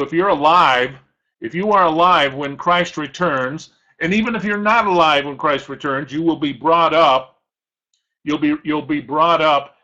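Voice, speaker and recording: A middle-aged man delivering a sermon in a bright, forceful voice that sits a little high for a man. He stretches out scripture quotations for emphasis and clears his throat now and then. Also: muffled recording. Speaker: pastor.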